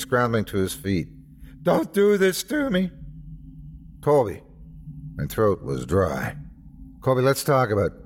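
A man hosting and narrating a scripted horror story in a tense, dramatic first-person telling. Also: lowish voice. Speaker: host and narrator.

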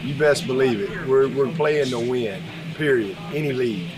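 A man's voice: medium pitch, normal speed, recorded from a distance, over music, rough recording. A man reading tweets aloud and reacting to them with amused, punchy remarks.

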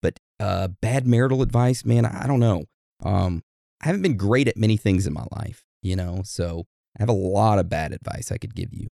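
A low, gravelly man co-hosts a podcast in loose, joking chat. The recording is dry and close, with no room sound at all. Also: fairly quick, warm tone, no room sound. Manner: laid-back, rambling, joking. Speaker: podcast co-host. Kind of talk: casual chat.

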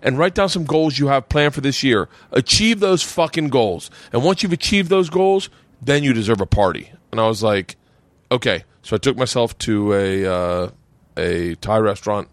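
A man in his forties, hosting a podcast after a few drinks, tells a long, profane tale with plenty of laughter and rambling. His mid-range voice is expressive and paced normally, with no echo in the recording.

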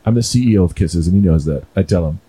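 A young adult man hosting a podcast in casual chat, an animated storyteller who swears freely and acts out voices. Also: deep voice, quick pace. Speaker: podcast host.

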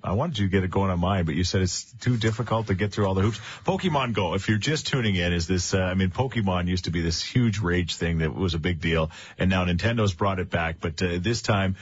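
A middle-aged man co-hosting a morning radio show, rambling through easy banter with plenty of fillers. His voice sits low and sounds husky. The audio is dry and slightly muffled, like an off-air radio recording. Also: a little fast, few pauses, no room sound. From Canada. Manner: chatty, rambling with fillers and restarts.

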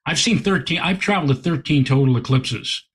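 A male astronomer tells a story as a guest in an interview. His voice sits a little high and has a husky edge. He talks with lively energy and tends to stumble over repeated words when he gets going. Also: brisk. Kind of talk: animated anecdote in conversation.

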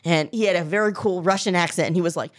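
A woman comedian as a podcast guest, telling a story in a lively way and acting out the people in it. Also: on the low side, quick pace. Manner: animated storytelling, acts out quoted people. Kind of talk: casual podcast conversation.

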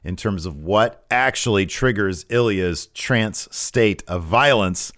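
A man's voice: on the low side, slow, a bit bright, no echo, studio quality. A man co-hosting a wrestling podcast, recapping matches in casual chat with many restarts and fillers. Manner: rambling, frequent restarts and fillers.

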